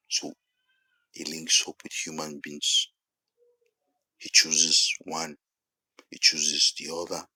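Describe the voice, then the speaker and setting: A man with a Nigerian English accent preaching a sermon-style monologue, repeating phrases for emphasis and building to loud peaks. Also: very deep voice, husky, dry recording, poor audio.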